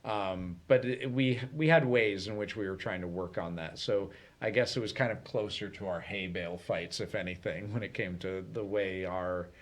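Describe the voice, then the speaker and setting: A man co-hosting a casual chat on a community TV show, explaining in a relaxed way with many fillers. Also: low-pitched, moderate pace, hardly any pauses. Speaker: co-host. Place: community TV studio.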